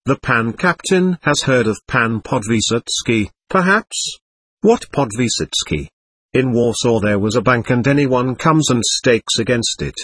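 A man playing a haughty gambler with stiff, formal courtesy. His husky voice rises and falls in lively pitch. The sound is dry and close. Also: measured pace, dry recording. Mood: storytelling. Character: haughty Polish gambler, male, dealing cards.

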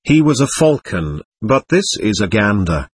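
A man's voice: on the low side, big pitch swings, moderate pace, breathy edge, no echo. A man reading as a fiery, proud young woman. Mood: furious. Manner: furious, cutting.

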